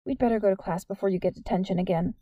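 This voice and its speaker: A woman reading the part of a blunt, skeptical teenage girl with a brisk, dismissive way of talking. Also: medium pitch, no room sound, lo-fi sound, natural voice.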